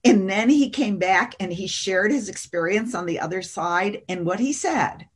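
A middle-aged woman, a guest on an interview show, telling an animated, dramatic story and often laughing. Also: medium pitch, normal speed, breathy edge. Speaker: guest, author and seminar teacher.

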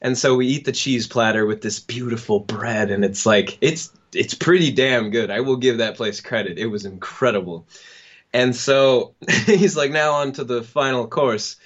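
In a casual story, a young man with a mid-range voice brings the characters to life, breaking into quick laughs as he goes. The sound quality is muffled and lo-fi.

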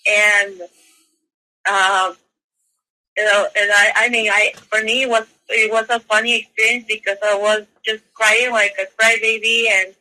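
A woman guest on a talk show, telling a personal story in a halting way, with many restarts and fillers. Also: mid-range voice, level tone, pushed and bright, low-quality recording. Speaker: interview guest. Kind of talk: casual spoken storytelling.

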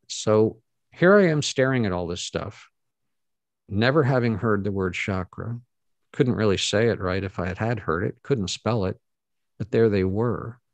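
Middle-aged guy, gravelly lowish voice, earnest storytelling w lots of ums. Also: dry recording. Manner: earnest, halting, with many fillers and restarts. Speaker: guest speaker. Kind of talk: storytelling talk to an audience.

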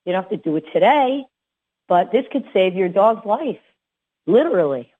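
A woman's voice: mid-range voice, animated, moderate pace, slightly rough. A woman dog trainer giving casual advice, chatty and full of fillers and restarts. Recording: tinny phone-like sound.

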